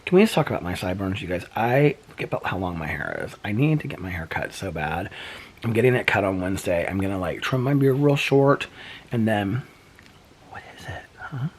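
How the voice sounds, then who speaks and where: Lively chatty man vlogging. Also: brisk. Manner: chatty, rambling with many fillers; coos to his pet in high baby talk. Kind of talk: casual chat.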